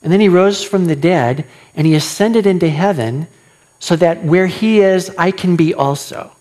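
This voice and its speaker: Pastor guy preaching, slightly high voice, lots of questions to the crowd, acts out lines. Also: moderate pace. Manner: animated preaching, acting out quoted lines, asks the audience many questions. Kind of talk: sermon.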